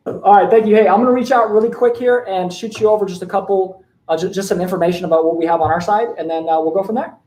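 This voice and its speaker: A man making a friendly cold call, with halting speech full of fillers and restarts. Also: high-pitched, fairly even intonation, warm tone. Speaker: caller. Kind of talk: phone sales call.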